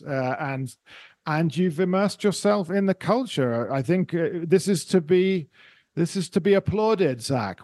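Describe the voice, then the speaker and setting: A man's voice: a little high, no room sound, clean studio sound. A man from England, hosting a podcast interview and encouraging his guest with lots of restarts. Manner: warmly encouraging, full of restarts. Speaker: podcast host. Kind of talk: casual interview.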